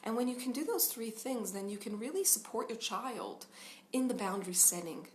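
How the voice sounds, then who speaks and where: With a fairly high, slightly mellow voice and lively intonation, this thirty-something parenting coach speaks at a moderate pace, offering casual advice earnestly while laughing often and using lots of fillers. Some slight background noise is audible.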